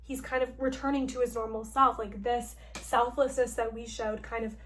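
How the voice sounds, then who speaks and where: A young woman with a fairly high voice recaps a story-driven game for her channel. She talks in a chatty, playful rush and leans on "like" constantly. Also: normal speed, a little hiss or hum. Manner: chatty, heavy use of "like", playful and expressive. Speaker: gaming vlogger.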